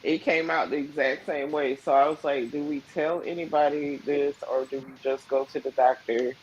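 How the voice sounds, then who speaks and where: A woman's voice: low voice, moderate pace, slight background noise, rough recording. A young woman in casual chat on a video call live stream, telling a story and acting out the voices of the people in it. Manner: animated storyteller who acts out quoted voices.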